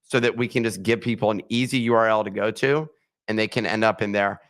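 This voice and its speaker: A man co-hosting a casual podcast chat, talking in an animated way and walking listeners through steps. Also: lowish voice, brisk. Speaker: podcast co-host.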